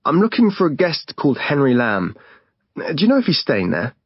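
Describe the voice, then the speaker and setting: Man voicing a flustered young man, stammering, eager, husky, dry dull audio. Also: fairly high pitch, wildly swooping pitch, moderate pace, dry recording, pitched above the performer's own voice, exaggerated voice. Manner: hesitant, stammering, overeager. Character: flustered young man making awkward calls. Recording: dull lo-fi recording.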